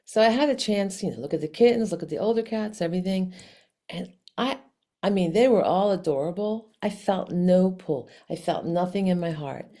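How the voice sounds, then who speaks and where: A woman telling a personal story to camera in a casual, animated way, with frequent restarts and laughs. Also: on the low side, normal speed. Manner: animated, chatty, many restarts, laughs often. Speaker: vlog host.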